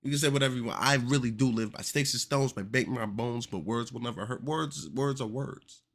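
A young man hosting a casual commentary podcast, animated and joking with exaggerated reactions. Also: mid-range voice, brisk. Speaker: podcast host.

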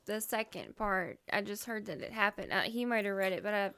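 A woman co-hosting a podcast, chatty and quick to chime in. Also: medium pitch, animated, sharp tone, smooth. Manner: chatty, quick to agree and jump in. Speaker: podcast co-host. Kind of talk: casual podcast chat.

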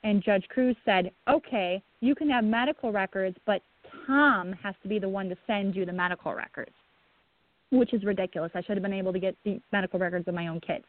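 A woman, a guest on the show, telling a painful personal account in a halting way, with many restarts and a breaking voice. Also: mid-range voice, dry recording. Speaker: guest, bereaved mother. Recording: tinny phone line.

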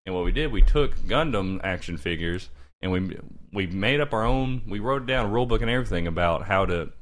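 Give me a low-voiced man in laid-back chat, rambling and swearing freely. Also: expressive, a little fast, a bit bright. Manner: rambling, swears often, restarts. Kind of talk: casual podcast chat.

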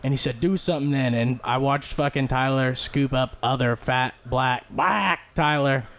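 A man's voice: mid-range voice, a little slow, creaky. A man in his late twenties, a podcast co-host telling a fight story in casual, profane talk, acting out the people he quotes. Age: late 20s. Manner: animated, profane, acts out quotes.

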